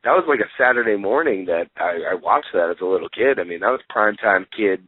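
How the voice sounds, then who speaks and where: Young man, low voice, easygoing storyteller, heard over a dry phone line. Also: quick pace, no echo. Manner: relaxed storytelling, many fillers, laughs easily. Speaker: guest wrestler. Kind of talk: casual interview.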